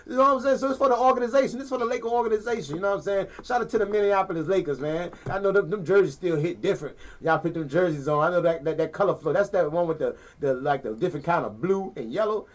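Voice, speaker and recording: A man hosting a sports podcast from a living room, talking casually in an animated, slangy, rambling way and repeating himself. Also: sits high, quick pace, hardly any pauses. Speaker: podcast host.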